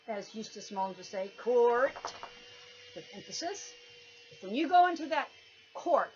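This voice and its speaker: Brief: high-pitched woman, forceful lecturing monologue, dull lo-fi recording. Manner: emphatic, lecturing, stresses words. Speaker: commentator. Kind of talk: didactic monologue. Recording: dull lo-fi recording with faint noise.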